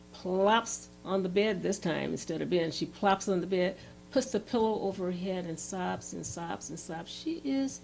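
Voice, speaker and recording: A woman presenting a relationship workshop who tells an example story in a lively, animated way. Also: mid-range voice, vocal fry, a little hiss or hum. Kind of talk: storytelling lecture.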